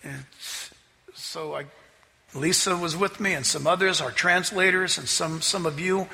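A man preaches from the pulpit, spinning a lively story and voicing the people in it. His voice sits high and sounds bright, with a gravelly edge. The sound carries a long echo from a large church hall, with faint room noise behind it. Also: a little slow. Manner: storytelling, animated, acts out quotes with laughs. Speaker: pastor. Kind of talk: sermon.

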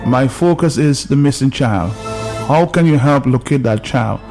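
A man's voice: medium pitch, moderate pace, darkish tone, faint music behind. A man hosting a call-in radio talk show, firm and repeating words to press his point. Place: radio studio.

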